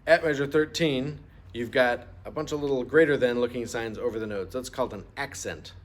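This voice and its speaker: A man's voice: medium pitch, brisk. A middle-aged man teaching a music lesson, patient and explaining step by step, asking students to repeat terms aloud. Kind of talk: instrument lesson walkthrough.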